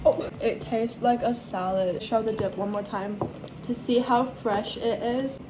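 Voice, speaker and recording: A woman's voice: a little high, measured pace, music in the background. Chatty young woman cooking vlogger. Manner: chatty, talks to viewers while cooking and eating. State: sleep deprived, slurring slightly. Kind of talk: casual cooking vlog narration.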